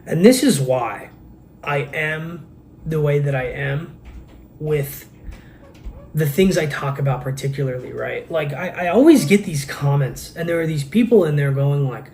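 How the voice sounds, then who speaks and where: A man's voice: fairly high pitch, unhurried, a little mellow, a little hiss or hum. A man hosting a podcast in a casual monologue, earnest and intense, rambling with many restarts, recorded on a camera microphone. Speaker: podcast host.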